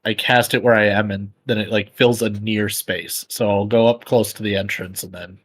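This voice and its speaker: A man's voice: fairly low pitch, fairly even intonation, normal speed, a bit bright, husky. Man explaining his tabletop moves. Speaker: player. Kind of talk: casual tabletop game chat.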